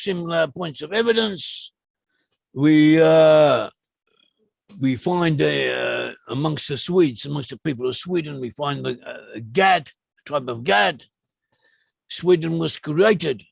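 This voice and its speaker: A man in a discussion, explaining his ideas at length in a halting way, with frequent restarts and drawn-out fillers. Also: sits high, gravelly, a bit bright, no room sound. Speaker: guest researcher explaining his views.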